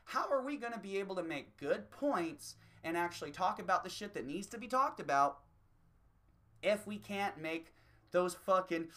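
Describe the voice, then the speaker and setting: A man delivering a rambling, swear-filled opinion rant, slipping into quick mocking voices. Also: high-pitched, animated, bright, forceful tone. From United States. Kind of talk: profane opinion rant monologue.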